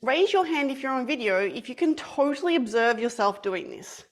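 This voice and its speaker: A playful young woman with a bright, high voice leads an online class for children, telling a story at a moderate pace in a lively, sing-song style, like a teacher addressing kids over a webcam.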